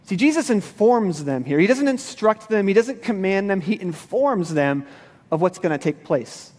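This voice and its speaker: A man's voice: sits high, animated, moderate pace, darkish tone, long reverb tail. A male pastor giving a sermon in a church, casual and conversational with everyday slang. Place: church sanctuary.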